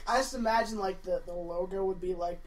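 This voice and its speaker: A woman's voice: fairly low pitch, a little fast, recorded from a distance, poor audio. A woman co-hosting a podcast in casual group chat, rambling through jokes with giggles. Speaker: podcast co-host.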